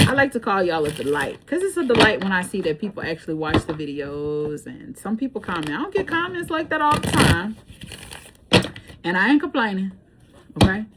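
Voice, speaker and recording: A woman's voice: a little high, heavy background noise. A woman tarot reader chatting casually to camera, telling stories with loose laughs and the odd swear word.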